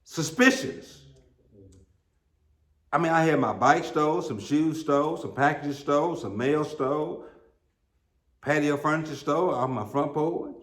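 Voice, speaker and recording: A man's voice: on the high side, measured pace, long pauses. A middle-aged American man preaching a sermon as pastor, telling folksy, humorous stories with emphatic peaks. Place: church sanctuary. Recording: roomy church sound.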